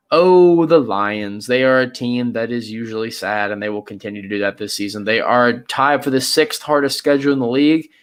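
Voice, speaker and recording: A young man co-hosting a casual sports podcast, hesitant and hedging, sometimes drawing words out and sometimes rushing. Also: medium pitch, a bit bright. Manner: hesitant, hedging, pace swings from drawn-out to quick. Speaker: podcast co-host.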